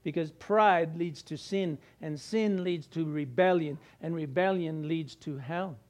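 A middle-aged man preaching a sermon, animated, with jokey asides and acted-out quotes. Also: on the high side, unhurried. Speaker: pastor.

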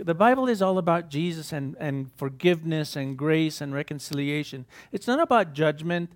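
An older man delivers a casual sermon in a noticeably high voice. He talks in a folksy, emphatic way, leaning hard on key phrases and chuckling at his own asides. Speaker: preacher. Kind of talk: informal sermon.

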